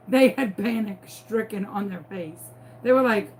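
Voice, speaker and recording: Slow, playful Southern woman storyteller. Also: on the high side. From New Orleans, US. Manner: animated, playful, dramatic storyteller. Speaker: crafting vlogger. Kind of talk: chatty storytelling while crafting.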